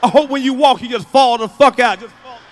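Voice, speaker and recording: A man doing a loud, profane stand-up comedy routine, telling stories with sudden shouts. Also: extremely high pitch, a little fast.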